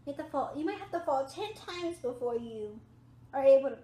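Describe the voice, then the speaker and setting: A young woman with a high voice chats to her camera from her recliner late at night, sounding tired. She repeats her points with emphasis, and the room around her rings with echo. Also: animated, brisk, mellow. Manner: chatty, repetitive, emphatic. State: tired, yawning. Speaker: vlogger. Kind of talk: casual chat to camera. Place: at home on a recliner.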